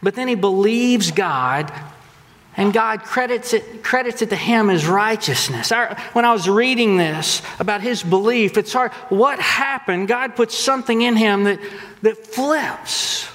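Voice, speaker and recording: With a high voice at a measured pace, a man preaching as pastor tells animated stories and acts out the quotes in them. The recording carries a long hall reverb.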